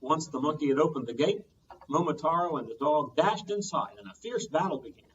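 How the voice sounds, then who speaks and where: A man, a children's librarian, reading a storytime tale aloud with lively sound effects, heard from a distance on muffled audio. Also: on the high side, a little fast, a little hiss or hum.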